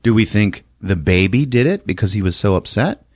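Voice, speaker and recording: A man's voice: fairly low pitch, animated, a little fast, no echo, studio quality. A man on a podcast recapping a film casually, telling it animatedly and laughing often. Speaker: podcast host.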